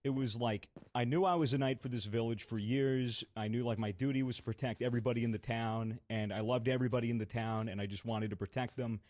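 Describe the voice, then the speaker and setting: A man's voice: medium pitch, fairly even intonation, fast talker, few pauses, darkish tone, no room sound. A young man co-hosting a podcast, telling a long story in a rambling, casual way with many fillers and some swearing. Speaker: podcast co-host.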